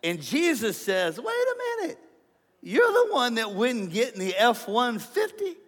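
A middle-aged man preaching a comedic sermon, animated, joking and acting out the voices of his listeners. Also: very high voice, measured pace. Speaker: pastor. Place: large church hall. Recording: sermon in a reverberant church.

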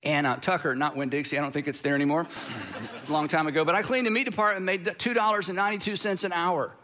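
A man's voice: on the high side, steady tone, quick pace, pushed and bright. A middle-aged man from the southern United States preaching a sermon, earnest and conversational, telling stories with frequent restarts. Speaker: pastor.

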